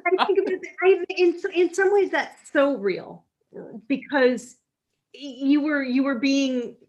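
A woman's voice: sits high, animated, takes it slowly, lo-fi sound. Chatty woman host from New York. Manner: chatty, laughs often, reads aloud. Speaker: podcast host. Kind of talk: casual interview, reading book excerpts.

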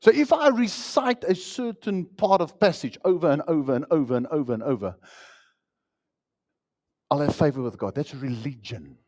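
A male pastor delivering a sermon in a slightly high voice. His pitch leaps and falls freely, and he moves between loud, emphatic lines and soft, almost whispered asides. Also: normal speed. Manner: animated, swings from loud emphasis to hushed asides.

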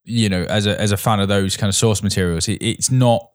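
A man's voice: fairly low pitch, steady tone, a little fast. Dry, teasing male podcast co-host. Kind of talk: casual film chat.

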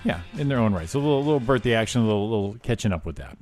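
A man's voice: lowish voice, lively intonation, racing, darkish tone, soft background music. A man co-hosting a morning show, chatting casually in a jokey, rambling way with lots of fillers. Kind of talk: casual radio banter.

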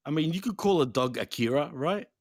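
A man's voice: a little high, lively intonation, a little fast, dry recording, studio quality. A man co-hosting a casual wrestling podcast, swearing bluntly and joking. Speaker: podcast co-host.

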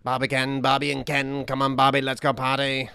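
A man's voice: mid-range voice, completely flat delivery, a little fast, creaky, pushed and bright, clear, resonant tone. A man co-hosting a podcast, chatting wryly and laughing at his own jokes. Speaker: podcast co-host. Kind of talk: casual chat.

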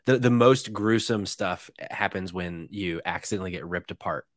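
A young man co-hosting a podcast tells a rambling, sweary anecdote, full of fillers and restarts, in casual storytelling chat. His voice is low and moderately paced. The recording is dry and studio quality.

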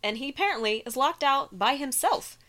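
A woman's voice: high voice, animated, a little fast, fairly bright tone. A woman co-hosting a casual podcast, recapping a film with enthusiasm, laughing and swearing freely. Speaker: podcast co-host.

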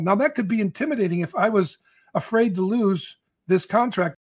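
A man's voice: high voice, expressive, fairly quick, darkish tone, breathy edge. A man consultant on a podcast, telling a long client story and acting out both sides of the dialogue. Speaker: leadership consultant.

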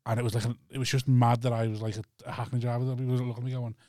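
A Scouse man chatting on a podcast, rambling and repeating words as he tells taxi stories. His voice sits at an ordinary middle pitch and sounds close and dry on the studio mic. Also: level tone, rapid-fire, darkish tone, dry recording. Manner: rambling, repeats himself, laughs easily. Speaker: taxi driver guest. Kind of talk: casual podcast chat.

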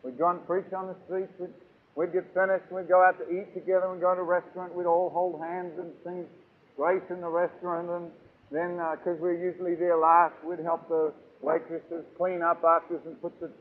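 A man preaching a sermon, emphatic and swinging between loud and soft. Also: high-pitched, level tone, normal speed. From New Zealand. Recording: tinny lo-fi phone-like recording.

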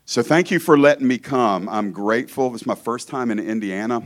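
Fairly quick and medium-pitched, a Georgian man delivers an informal sermon as a church's guest preacher. He keeps it conversational and jokey, regularly interrupting himself to restart.

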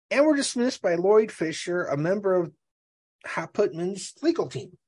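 A husky-voiced man from the Midwest who co-hosts a podcast. His pitch moves a lot as he chats and reads aloud, and he often stumbles over and repeats words. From American Midwest. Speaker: podcast co-host. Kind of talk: casual chat and reading aloud.

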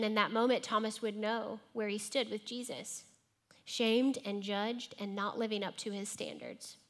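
Woman preaching a sermon. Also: mid-range voice. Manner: acts out imagined dialogue, dropping to a hush for emphasis.

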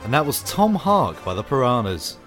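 A man's voice: mid-range voice, sing-song, moderate pace, fairly bright tone, faint music behind. A man co-hosting a podcast, chatting casually and joking dryly about a film. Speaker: podcast co-host. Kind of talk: casual film review chat.

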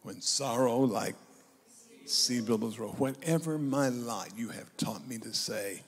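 A man's voice: mid-range voice, a little slow. A man in his eighties preaching a sermon, retelling a scripture story and calling on the congregation to respond. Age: 80s. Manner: lively storytelling, acting out quotes and calling on the congregation. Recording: long reverb of a large hall.

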